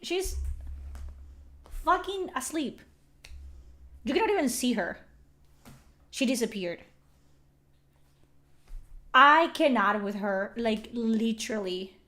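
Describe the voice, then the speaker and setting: A young woman chatting casually on a livestream, animated and swearing often, with lots of "like" fillers. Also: on the high side, slow, pauses often. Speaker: streamer.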